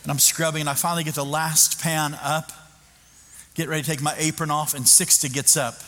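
Animated man preaching in an echoing hall. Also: a little high, fairly quick. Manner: animated, self-mocking, with frequent restarts. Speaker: pastor. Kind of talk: storytelling sermon. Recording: echoey hall with background noise.

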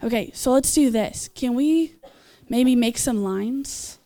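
At a church gathering, a woman with a slightly high, mellow voice preaches a sermon and leads prayer in an altar call, speaking slowly. She sounds earnest and encouraging, dropping in small asides and laughs.

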